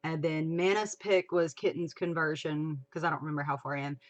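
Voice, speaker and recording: A woman hosting a casual livestream chat, chatty and expressive, swearing casually. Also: sits low, normal speed. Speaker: livestream host. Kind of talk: casual chat about fan fiction.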